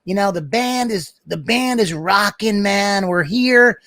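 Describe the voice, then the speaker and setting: Man, slightly high voice, dry sound, rambling loose talk, comedy podcast co-host. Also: a little slow, sharp tone, no room sound. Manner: rambling, full of "you know" and "man". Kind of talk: casual comedy podcast banter.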